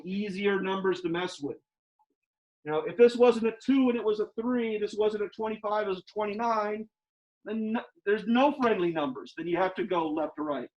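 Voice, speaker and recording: A man teaching a math class in a lecture style, emphatic, repeating his questions to the students, a little out of breath behind a face mask. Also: high-pitched. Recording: dull lo-fi classroom audio.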